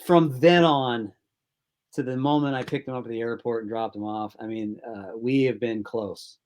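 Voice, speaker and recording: A man's voice: medium pitch, fairly even intonation, normal speed, a little mellow. A film director as an interview guest, telling rambling casual anecdotes and acting out his own quoted thoughts.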